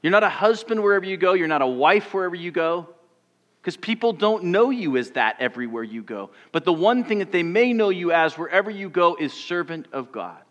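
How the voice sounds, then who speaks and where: A man who is a pastor, giving a sermon and telling a personal story, moving between loud passages and hushed ones. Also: on the high side, expressive, normal speed, highs cut off. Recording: long church reverb.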